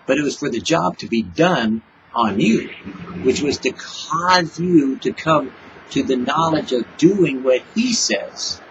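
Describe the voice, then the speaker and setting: A man's voice: on the high side, muffled recording, noisy background. Man giving a chatty devotional talk. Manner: conversational, acts out little dialogues with God. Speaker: preacher. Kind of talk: informal devotional sermon.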